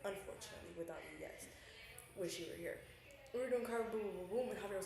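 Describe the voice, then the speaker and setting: A young woman tells a story at a rapid clip, slangy and animated, as a podcast co-host. Her voice bounces around a very echoey room, with a faint hiss underneath. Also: medium pitch, gravelly. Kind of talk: casual chat, storytelling.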